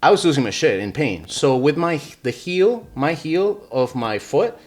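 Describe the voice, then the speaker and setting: A man's voice: on the high side, very animated, moderate pace. A man telling his own story as a podcast guest in casual chat, rambling with lots of fillers and swearing. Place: podcast studio.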